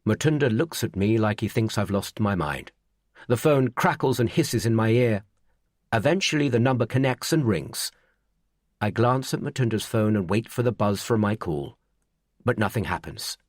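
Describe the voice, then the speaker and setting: A man reading a first-person thriller audiobook in an even, measured way. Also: lowish voice, dry recording, studio quality. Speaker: audiobook narrator.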